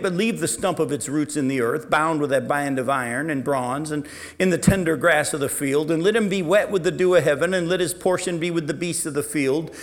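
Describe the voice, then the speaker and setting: A man preaching a sermon with a slightly higher voice than most men. He reads scripture aloud and explains it, turning to ask his listeners questions. His delivery is animated, with loud emphasis giving way to quiet asides.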